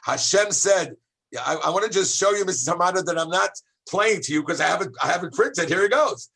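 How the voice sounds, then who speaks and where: A man, a rabbi, teaching a high school class in an animated, exclamatory way, calling on students by name and shouting at times for emphasis. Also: brisk, creaky, husky. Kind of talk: lively classroom lesson.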